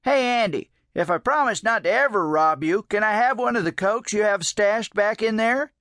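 A man voicing a gentle, teasing old male drifter with a folksy, drawling manner in an audiobook. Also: high voice, normal speed, no room sound, studio quality, voice pushed up.

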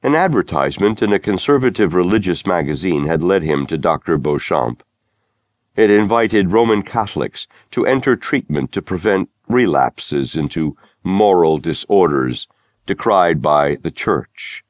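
A man narrating a novel in a measured, steady storytelling manner, recorded close in a studio. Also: sits low, no room sound, dull audio. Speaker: audiobook narrator. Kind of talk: scripted narration.

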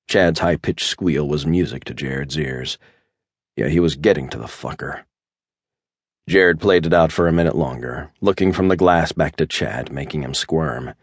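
Deep-voiced man narrating an audiobook. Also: moderate pace, slightly rough, no room sound, clean studio sound. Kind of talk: scripted narration.

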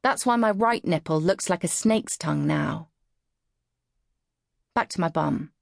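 Wry, expressive woman narrating. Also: sits low, measured pace, vocal fry, no echo, studio quality. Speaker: audiobook narrator. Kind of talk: first-person audiobook narration. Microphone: close studio mic.

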